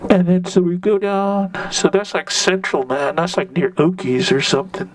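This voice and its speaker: A man's voice: high voice, fairly even intonation, normal speed, no echo. A man in his sixties telling a rambling personal story in loose hippie slang, often ending phrases with "man". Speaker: narrator recalling a protest. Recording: distant mic, dry sound.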